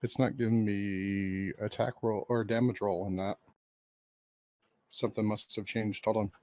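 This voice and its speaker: A man plays a tabletop game, spelling out each move in a deliberate, matter-of-fact voice. The recording is dry and close. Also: fairly low pitch, fairly even intonation, a little mellow, no echo. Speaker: player. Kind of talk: casual tabletop game chat.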